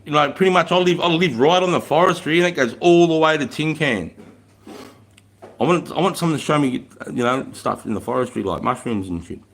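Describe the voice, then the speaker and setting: This Australian man in his thirties hosts a live stream, his voice on the low side and a bit bright. Laid-back and chatty, he reads out comments and tells army stories, packing in Aussie slang and swearing freely.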